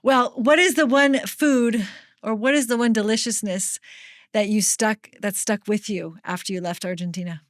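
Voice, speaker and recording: A woman's voice: mid-range voice, moderate pace, no room sound, clean studio sound. An American woman hosting an interview podcast, chatting with enthusiasm and laughing often, then reading a scripted outro. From United States. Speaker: podcast host.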